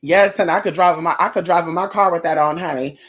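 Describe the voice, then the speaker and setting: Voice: mid-range voice, steady tone, a bit bright. A live streamer chatting casually with viewers, sassy and campy, calling them girl and honey, swearing freely and rambling from topic to topic. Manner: sassy, campy, drawn-out endearments, frequent profanity.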